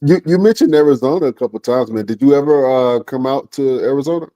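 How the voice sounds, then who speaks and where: A man's voice: mid-range voice, fast talker, mellow, no room sound, lo-fi sound. A man hosting a podcast interview, laid-back and casual, often tossing in "man" as he talks. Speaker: podcast host.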